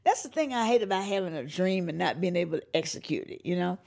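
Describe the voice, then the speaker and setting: Older singer-songwriter woman, low gravelly voice, storyteller who mimics people. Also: fast. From North Carolina. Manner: animated storyteller, acts out quoted voices, laughs often. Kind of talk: storytelling interview.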